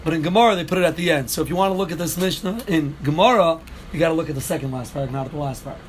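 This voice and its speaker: A man's voice: on the high side, very fast, a little hiss or hum. A man teaching a daily Talmud class, explaining step by step, repeating key phrases and answering students' questions.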